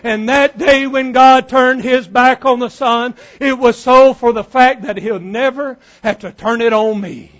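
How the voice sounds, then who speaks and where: Fervent preacher, very high voice. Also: male voice, fairly even intonation, unhurried, hardly any pauses, highs cut off. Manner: fervent, rising to shouts. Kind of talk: sermon.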